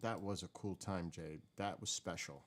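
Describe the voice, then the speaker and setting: Low-voiced male streamer, rambling and candid, easygoing chat. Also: steady tone, normal speed, a bit bright, a little hiss or hum. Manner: rambling, candid, swears now and then. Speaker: live stream host. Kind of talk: casual chat reacting to old clips.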